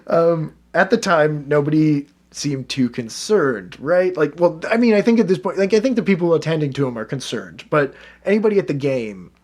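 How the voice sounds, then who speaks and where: Man, podcast storyteller, slightly higher voice, chatty, laughs a lot. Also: animated, moderate pace, darkish tone. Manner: chatty, laughs often, reads quotes aloud. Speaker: podcast co-host telling a baseball history story.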